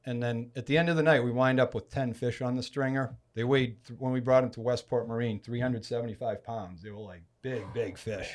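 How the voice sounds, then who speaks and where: A man from Massachusetts tells a long story on a podcast in a casual, chatty way. His voice sits at an ordinary middle pitch, and he swings it widely to act out the people he quotes. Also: a little fast, few pauses. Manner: animated storyteller, acts out quoted speech with loud bursts. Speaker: podcast guest.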